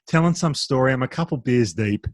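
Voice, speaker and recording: A man in his thirties co-hosts a casual podcast chat, telling stories and jumping up in pitch to act out what his friends said. His voice sits in a middle range for a man and is recorded dry, with no room sound. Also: fairly quick, no echo. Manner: animated, acts out quoted friends in a raised voice. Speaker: podcast co-host.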